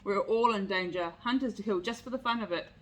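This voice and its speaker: A woman's voice: medium pitch, brisk, close to an everyday voice, poor audio. A woman doing a grim porcupine.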